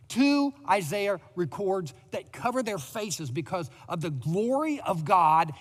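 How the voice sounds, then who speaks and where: A man's voice: high voice, animated, normal speed, few pauses, long reverb tail. A man preaching a sermon as pastor, building emphasis and lifting his voice on repeated words. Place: church sanctuary.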